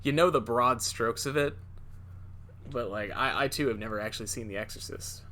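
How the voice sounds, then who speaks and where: A man chatting on a casual podcast, his voice bright and forward. He rambles, restarting sentences and padding them with fillers. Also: mid-range voice, normal speed. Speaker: podcast co-host. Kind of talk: casual chat.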